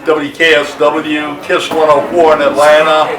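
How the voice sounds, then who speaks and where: A cheerful man, a former radio salesman, rattles off his past jobs in a slightly high voice. He sounds distant from the camera, in an echoey room with crowd chatter. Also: level tone, measured pace, background noise.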